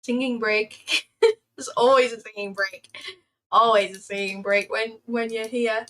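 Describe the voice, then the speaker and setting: With a fairly high, slightly bright voice and a steady tone, this young woman from Britain talks unhurriedly during a casual trading livestream. Chatty and quick to poke fun at herself, she keeps repeating phrases and occasionally sings playfully.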